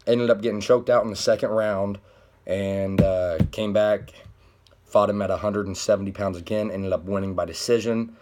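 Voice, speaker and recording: Low-voiced man rambling about fights. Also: a little mellow. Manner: rambling, loose, full of asides. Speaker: MMA commentary vlogger. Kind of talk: casual commentary.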